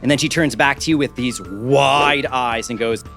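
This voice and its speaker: A man running a tabletop game, narrating scenes in a lively, casual storytelling way. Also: medium pitch, moderate pace, soft background music. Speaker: game master.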